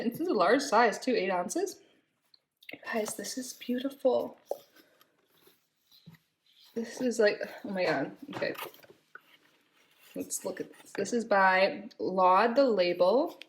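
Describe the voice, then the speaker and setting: A woman's voice: medium pitch, normal speed. A young woman reviewing a subscription box in casual chat, gushing and giggly as she reads product labels aloud.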